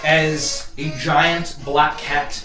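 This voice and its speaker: A man's voice: fairly high pitch, level tone, bright, forceful tone. Man narrating a tabletop game, echoey room. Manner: vivid, halting descriptive narration. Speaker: game master. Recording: roomy echo, distant mic, faint music.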